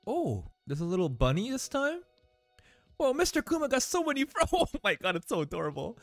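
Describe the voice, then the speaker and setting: A man's voice: high voice, huge pitch swings, brisk. A man hosting an anime reaction, chatting casually and teasing the characters on screen. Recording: faint music behind.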